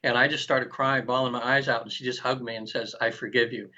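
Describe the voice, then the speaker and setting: A man in his sixties, an interview guest telling a personal story in an animated way, acting out quoted lines and often restarting his sentences. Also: medium pitch, quick pace. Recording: dull lo-fi recording.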